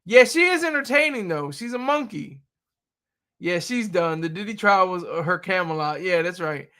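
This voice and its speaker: A man's voice: sits high, normal speed. A man hosting a casual livestream, riffing and joking with lots of laughter. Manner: laughs often, animated, jokey riffing. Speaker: livestream host.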